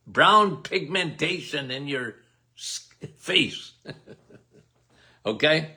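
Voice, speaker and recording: An older man hosts a live health Q&A, answering viewer questions in a folksy, emphatic manner and repeatedly checking in with "okay?" His fairly high, sing-song voice is bright and forceful, delivered extremely slowly with long pauses.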